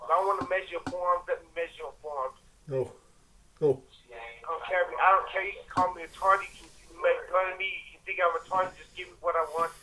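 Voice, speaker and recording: High, bright-voiced man ranting crudely. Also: fairly even intonation, fast talker, poor audio. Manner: crude, crass and rambling with frequent restarts; angry, taunting outbursts. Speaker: vlogger. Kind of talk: rambling profane rant to camera.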